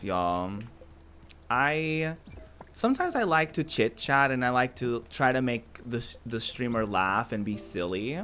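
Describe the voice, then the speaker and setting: A man's voice: medium pitch, fairly bright tone, a little hiss or hum. A man streaming a game, chatting casually with his viewers, giggling often and answering chat aloud. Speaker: Twitch streamer.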